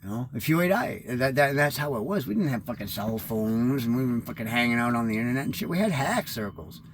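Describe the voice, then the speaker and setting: A man's voice: mid-range voice, expressive, quick pace, a little hiss or hum. A man in his fifties rambling through a candid, profane personal monologue as host of his own show. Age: 50s.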